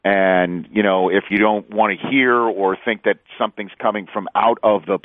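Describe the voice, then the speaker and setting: A man's voice: on the low side, normal speed. A man, a sports broadcaster, telling stories as a guest in a casual interview, laughing often and acting out quotes. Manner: animated storyteller, laughs often, acts out quotes. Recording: dry, phone-line sound.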